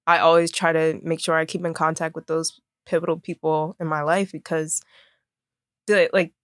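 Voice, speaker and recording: Chatty young woman, slightly low voice. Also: level tone, moderate pace, dry recording, clean studio sound. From Maryland, US. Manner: chatty, many fillers like "like" and "um". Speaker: interview guest, fashion designer. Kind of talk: casual conversation.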